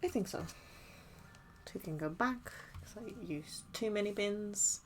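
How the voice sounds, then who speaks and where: A woman's voice: mid-range voice, slow pace, long pauses, a little hiss or hum. A young woman streaming while she crafts, chatting casually, giggling often and hesitating with many restarts.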